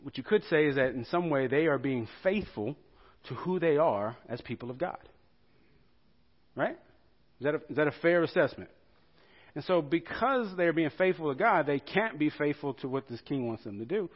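A man preaching a sermon as pastor, telling the story with animated rhetorical questions to the congregation. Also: on the high side, normal speed, highs cut off.

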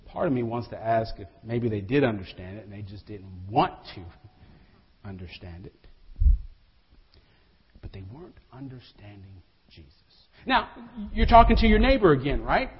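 Male pastor, animated sermon delivery, husky high voice, long reverb in a dull church recording. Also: normal speed. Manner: animated, talks to the congregation, acts out quotes.

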